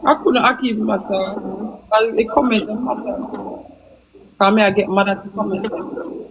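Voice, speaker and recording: A woman's voice: mid-range voice, fairly even intonation, normal speed, background noise. A Jamaican woman ranting on a live stream, agitated and repetitive as she defends herself. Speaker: livestreamer. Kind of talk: heated live-stream rant.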